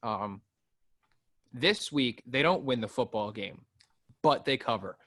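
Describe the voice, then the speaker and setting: A man with an average pitch makes his betting case in a casual, joking way. He trades banter with his friends on the show and keeps the talk loose. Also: lively intonation, takes it slowly, fairly bright tone. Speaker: podcast co-host. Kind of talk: casual sports betting chat.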